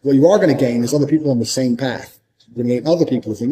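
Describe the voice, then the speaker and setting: Blunt, profane man with a dark voice. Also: mid-range voice, racing, slight background noise, poor audio. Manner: repeats points for emphasis. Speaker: motivational speaker. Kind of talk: motivational monologue.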